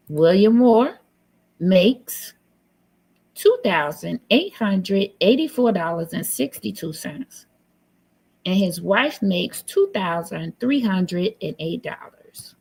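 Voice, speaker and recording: A woman's voice: on the low side, lively intonation, slow, creaky, long pauses, darkish tone, slightly rough. Woman streamer, casual sassy commentary, blunt and teasing, computer mic. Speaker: live stream host. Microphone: computer mic on a live stream.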